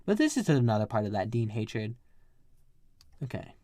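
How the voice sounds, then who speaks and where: A man's voice: on the low side, big pitch swings, moderate pace, warm tone, no room sound. Guy doing a rambly casual recap podcast, keeps going off on tangents, dry close sound. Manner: rambling and chatty, often sidetracking himself. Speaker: podcast host.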